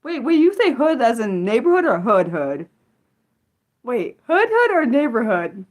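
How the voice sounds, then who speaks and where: A young woman hosting an unscripted livestream, chatting excitedly with viewers and answering chat, with lots of fillers and restarts. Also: on the high side, unhurried. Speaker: livestream host.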